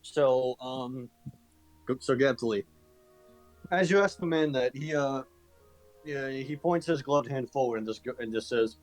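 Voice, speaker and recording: A man running a tabletop game as its game master, at a middling pitch. He narrates in halting bursts, restarting and repeating phrases. Faint music plays behind him. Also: poor audio.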